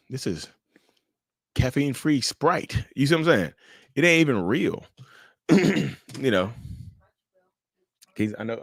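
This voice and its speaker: A man hosting a casual livestream, animated and joking, often stumbling and restarting as he answers viewers' questions. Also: mid-range voice, no echo, clean studio sound. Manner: addresses viewers as y'all, answers chat questions. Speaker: livestream host.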